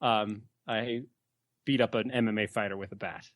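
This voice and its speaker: A man's voice: lowish voice, steady tone, normal speed, a bit bright, dry recording. A man telling a rambling story as a podcast guest, laughing easily. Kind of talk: casual chat.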